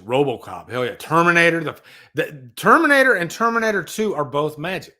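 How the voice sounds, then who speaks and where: A man's voice: on the high side, animated, fairly quick, sharp tone. A man hosting a casual live stream, rambling with enthusiasm and talking to viewers in the chat. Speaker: livestream host.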